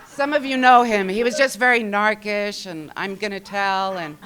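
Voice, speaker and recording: A woman's voice: medium pitch, normal speed, fairly bright tone, slight background noise. A woman speaking at a recovery meeting, sharing her personal story in a wry, self-mocking way and acting out what her family said.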